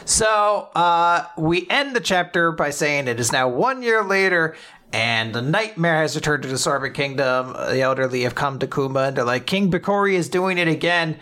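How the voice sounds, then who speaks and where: A man co-hosting a casual chat podcast, recapping a story with lively acted-out quotes and frequent laughter. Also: a little high, moderate pace. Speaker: podcast co-host recapping manga.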